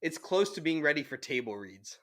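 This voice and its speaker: A young man co-hosting a podcast, telling animated stories with laughter on a handheld mic. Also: a little high, brisk. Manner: animated storytelling with frequent laughs. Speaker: podcast co-host. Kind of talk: casual chat. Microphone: handheld mic, sometimes held away.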